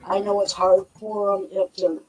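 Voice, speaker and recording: An older woman, a grandmother, speaking with soft-spoken grief in an interview clip. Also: mid-range voice, little pitch movement, normal speed, slight background noise, poor audio. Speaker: grandmother of a missing child.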